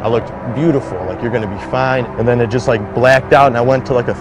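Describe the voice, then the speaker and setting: Relaxed young man telling his story. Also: mid-range voice, fast, noisy background. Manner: conversational, heavy use of "like", acts out quoted voices. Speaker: interviewee recounting surviving a shooting. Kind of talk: casual first-person storytelling. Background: background music.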